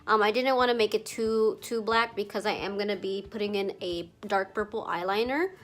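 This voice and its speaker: This beauty vlogger is a young woman with a medium-pitched, slightly bright voice, speaking at normal speed while narrating a makeup tutorial. She's chatty and a bit congested from allergies, with lots of "like" and casual cursing.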